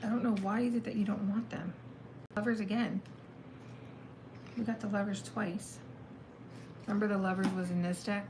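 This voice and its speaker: A woman reads tarot cards in a loose, chatty way, mulling things over out loud. Her voice sits in an average middle pitch. A faint hum of room ambience stays in the background. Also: fairly even intonation, normal speed, long pauses. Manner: chatty, thinks aloud, exclaims at the cards. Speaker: tarot reader. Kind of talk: casual live tarot reading.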